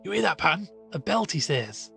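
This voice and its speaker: A man voicing a country squire who speaks in a brisk, commanding way. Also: sits high, big pitch swings, creaky, bright, forceful tone, faint music behind, voice pushed up, heavily acted.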